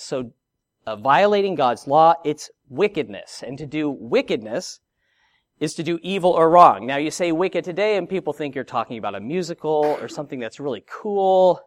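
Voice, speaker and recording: A middle-aged man preaching with a lively, expressive voice that climbs and drops often. His pitch sits a little high for a man. The sound is close and dry, with no room echo. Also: moderate pace. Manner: expressive preaching with rhetorical questions and asides. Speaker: pastor. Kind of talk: sermon.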